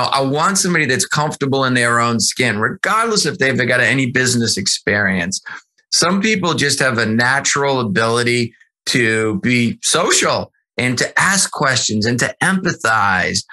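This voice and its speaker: Bright, animated man talking sales. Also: mid-range voice. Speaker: sales executive guest. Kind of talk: casual podcast interview.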